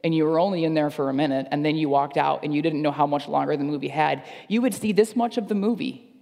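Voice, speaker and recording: A man's voice: on the high side, quick pace, vocal fry, darkish tone, long reverb tail. A man preaching a sermon as pastor, earnest and repeating phrases for emphasis. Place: church service.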